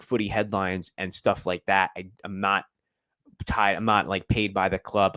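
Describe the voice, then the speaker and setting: A young American man hosts a football channel's live stream, chatting casually and rambling with plenty of fillers. His voice is on the low side with a fairly bright tone, and there's no room sound.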